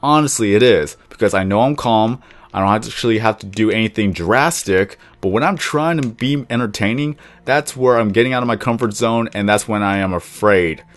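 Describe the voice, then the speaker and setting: A man's voice: on the low side, moderate pace. A young man casually commenting while he plays a block-building game, rambling and chatty, sometimes cooing at his pet dog. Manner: rambling, chatty, self-described monotone when calm. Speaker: gaming YouTuber.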